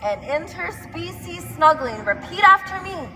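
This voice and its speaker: A woman's voice: very high voice, very animated, unhurried, bright, forceful tone, roomy sound, faint music behind. A woman giving a playful motivational monologue, exuberant and often breaking into sing-song chanting. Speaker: self-styled healer and vlogger.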